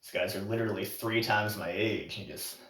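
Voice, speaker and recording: A man's voice: fairly low pitch, steady tone, fairly quick, a bit bright. Laid-back swearing man, roomy far-off sound. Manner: laid-back, swears freely, laughs often. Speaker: podcast host. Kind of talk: casual storytelling. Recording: roomy echo, off the mic.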